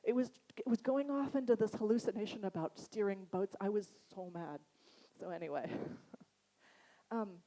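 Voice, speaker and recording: Woman, Boston accent, conference talk, chatty, animated, mellow voice. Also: medium pitch, rough recording. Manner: chatty and animated, laughs often. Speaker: conference speaker. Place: conference hall.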